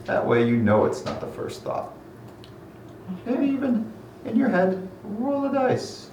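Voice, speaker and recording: A man's voice: high voice, huge pitch swings, unhurried, a little mellow, slight background noise, pitched above the performer's own voice, heavily acted. A man voicing a joking trickster god. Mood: playful. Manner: jokey, casual, teasing advice. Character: playful trickster god, male, mock-solemn. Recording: echoey room, mic at a distance.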